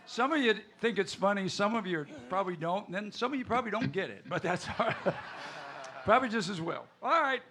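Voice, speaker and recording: High-voiced gravelly man emceeing. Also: animated, brisk, pushed and bright. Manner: rambling, many uhs, chuckles at own jokes. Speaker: stage show host and emcee. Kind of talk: joking stage banter with audience. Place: live music stage before an audience.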